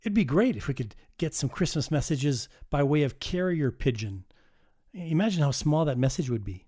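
A man's voice: a little high, expressive, moderate pace, warm tone. A man hosting a community radio holiday show, chatting in a folksy way with light jokes. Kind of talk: casual radio chat.

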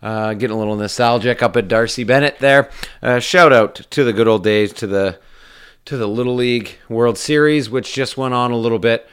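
A man's voice: medium pitch, moderate pace, clear, resonant tone. A man from Canada hosting a casual radio show, rambling and upbeat with lots of fillers. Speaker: radio host.

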